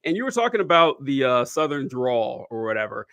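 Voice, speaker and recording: A male podcast host talks in a middle-pitched voice, animated and chatty, tossing in quick asides as he goes. His sound is close and dry, with no echo around it. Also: lo-fi sound. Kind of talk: casual podcast conversation.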